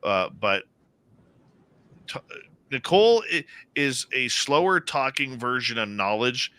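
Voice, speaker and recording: A man hosting a radio talk show, speaking earnestly and haltingly with many restarts. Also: mid-range voice, big pitch swings, sharp tone, smooth. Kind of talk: casual on-air talk.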